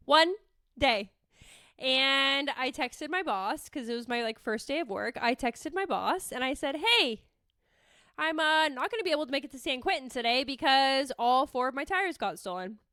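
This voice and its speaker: A young woman from the Bay Area chats on her podcast in a high, bright voice. She tells her story in a rambling way, full of "like", and the sound is close and dry. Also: measured pace, dry recording. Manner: rambling, lots of "like", animated retelling. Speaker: podcast host. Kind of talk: casual storytelling chat.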